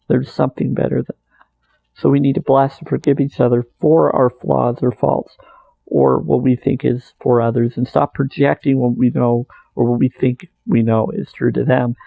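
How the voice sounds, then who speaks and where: A man speaks in an unhurried, earnest spiritual monologue, circling back to repeat his phrases. His voice is gravelly and mellow, at a middling pitch. The sound is dry and close. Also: dry recording, low-quality recording. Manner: earnest, meandering, repeats phrases, soft laughs. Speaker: spiritual video maker.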